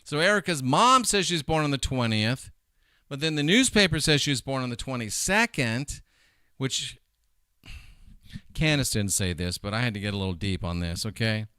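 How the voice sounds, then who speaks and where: A middle-aged man hosting a casual commentary show, talking in an animated, emphatic way and wandering off into side points. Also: mid-range voice, moderate pace, smooth, no room sound, clean studio sound. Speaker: host.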